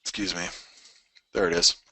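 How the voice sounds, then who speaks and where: A man hosting a trading webinar, reading out listener messages in a casual, halting way with fillers and chuckles. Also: pushed and bright, dry recording, rough recording.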